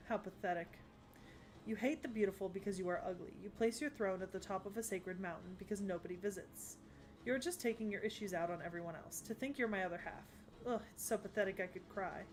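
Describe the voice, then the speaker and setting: A woman voicing a sharp-tongued young goddess who taunts her rival with scorn, in an English anime dub. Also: medium pitch, close to an everyday voice.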